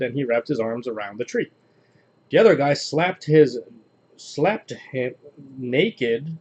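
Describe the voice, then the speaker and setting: A man hosting a casual video where he reads jokes aloud in a flat, deadpan delivery. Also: medium pitch, breathy edge. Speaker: host reading jokes on video. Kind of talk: casual joke reading.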